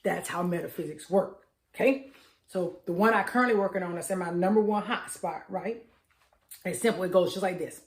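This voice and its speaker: A woman's voice: fairly low pitch, a little fast, roomy sound. A middle-aged woman coaching on mindset, talking casually and emphatically, with a hyper energy and affirmations repeated with growing force. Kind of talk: casual motivational talk.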